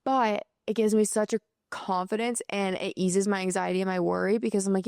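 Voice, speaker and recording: A woman's voice: mid-range voice, fairly even intonation, brisk, gravelly, a little mellow, dry recording, clean studio sound. A young woman in her twenties talking casually and earnestly about faith and mindset, with lots of filler words. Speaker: podcast host.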